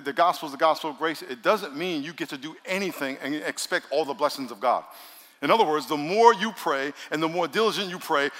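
High-pitched emphatic preacher in a big hall. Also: male voice. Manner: emphatic, repeats lines for stress, swings from loud to quiet. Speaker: pastor. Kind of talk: sermon. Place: large church. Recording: long hall reverb in a large church.

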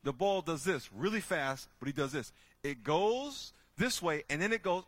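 A man speaking to a group, telling lively stories and acting out the people in them with loud bursts. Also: fairly high pitch, normal speed, dry recording. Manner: lively, acts out characters with loud shouting bursts. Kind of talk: animated storytelling talk.

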